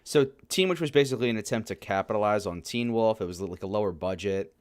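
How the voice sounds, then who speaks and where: A man's voice: on the low side, fast, darkish tone. A man co-hosting a comedy podcast, riffing with wry asides in casual chat. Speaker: podcast co-host.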